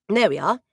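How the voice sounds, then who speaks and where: A woman chats with her stream viewers while sketching at home. Her voice swings up and down a lot, and she sounds courteous and a little old-fashioned in her wording. The sound is dry, with no room echo. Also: a little high. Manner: polite, slightly formal wording; chatty, with frequent little laughs and throat clearing. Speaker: voice actor hosting a livestream signing. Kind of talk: casual livestream chat.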